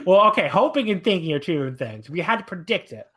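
A man co-hosting a wrestling podcast, talking in a rambling, casual way, his voice jumping high when he gets exasperated. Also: sing-song, fast talker, a bit bright, husky.

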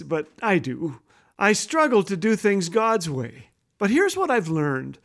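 A man hosting a humorous devotional radio talk, telling jokes with self-deprecating asides. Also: sits high. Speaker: host.

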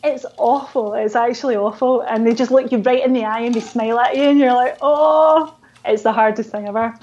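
A woman with a fairly high voice chats warmly and openly about judging dance. She talks with a lot of feeling. Her sound comes through a dull, lo-fi call line. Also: steady tone, fast talker. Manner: open and emotional, speaks with feeling. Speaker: dance competition judge. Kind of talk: casual video call chat.

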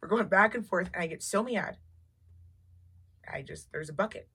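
Bright-voiced woman telling stories. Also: fairly low pitch, moderate pace, husky. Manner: animated storyteller, swears freely, acts out quotes. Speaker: podcast co-host. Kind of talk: casual chat.

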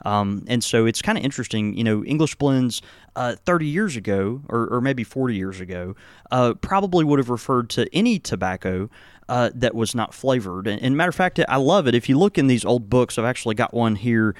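Rambling American pipe shop host. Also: male voice, mid-range voice, expressive, brisk, no room sound, clean studio sound. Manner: rambling, many fillers and restarts. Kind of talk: casual podcast chat.

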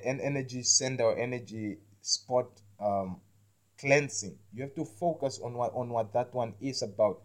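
A man's voice: mid-range voice, a little mellow. A man hosting an episode, talking loosely about spiritual healing with lots of restarts and a habit of asking whether you understand him. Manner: halting, repeats words, keeps asking "you understand me?"; slangy, says "man" and "like" a lot. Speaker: podcast host. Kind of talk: rambling spiritual talk.

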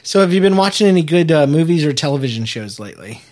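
A man's voice: a little high, sing-song, fast, darkish tone. A man, a father hosting a casual home show with his daughter, teasing her and laughing often. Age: adult. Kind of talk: casual playful chat.

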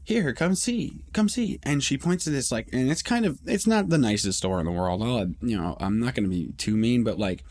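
A man's voice: on the low side, animated, fairly quick, hardly any pauses, a little mellow. A man hosting a podcast, telling a rambling, profane story in casual monologue with many restarts. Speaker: podcast host.

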